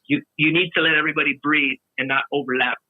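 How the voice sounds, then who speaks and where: A man chatting casually as a podcast guest, relaxed and storytelling, often trailing off mid-sentence. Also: a little high, quick pace, husky, no room sound. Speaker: guest videographer. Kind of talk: casual chat. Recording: tinny phone-like line.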